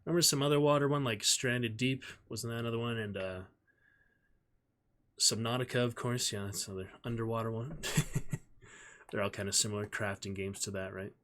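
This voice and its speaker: A man's voice: medium pitch, normal speed, pauses often, a bit bright. A man streaming live, reading a novel aloud and chatting with viewers in a friendly, easygoing way.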